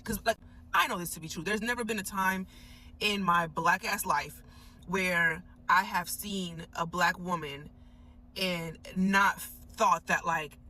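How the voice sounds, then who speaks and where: Bright-voiced woman telling a story in a car. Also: mid-range voice, slight background noise, poor audio. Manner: animated, emphatic, swears freely. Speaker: storyteller recounting an encounter. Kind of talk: casual storytelling vlog. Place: inside a parked car.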